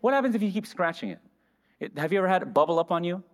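Animated high-voiced preacher man. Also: racing. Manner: animated, asks the congregation questions and answers them. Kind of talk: sermon. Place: church hall. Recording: reverberant church hall.

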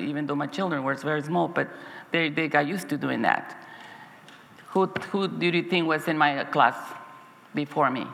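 A woman's voice: low voice, gravelly, fairly bright tone, big-room sound, a little hiss or hum. A woman Sabbath school teacher giving an earnest, heartfelt personal testimony to her church congregation, often restarting her sentences.

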